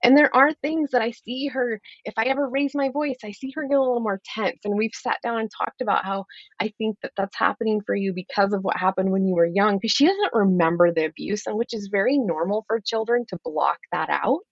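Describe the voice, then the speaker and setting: A woman's voice: medium pitch, brisk, dry recording, lo-fi sound. A middle-aged woman who coaches parents, speaking openly and earnestly in a podcast interview, explaining with light laughs.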